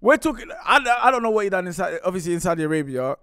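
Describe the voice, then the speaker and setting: Animated man telling stories. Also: high-pitched, rapid-fire, clear, resonant tone. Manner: animated, acts out dialogue. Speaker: co-host. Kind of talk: casual storytelling chat.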